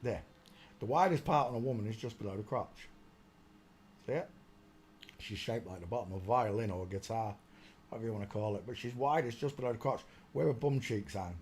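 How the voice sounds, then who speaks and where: A man's voice: fairly low pitch, fairly quick, long pauses, a little hiss or hum. A man hosting a casual live stream, chatty and exclaiming, muttering to himself as he searches.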